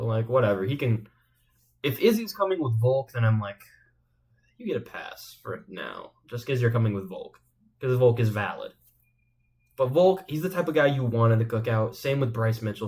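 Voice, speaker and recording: A man riffing through casual comedic commentary, cursing freely and rambling between jokes. His voice sits at an ordinary middle pitch. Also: darkish tone. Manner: rambling, profane, joking. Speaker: channel host.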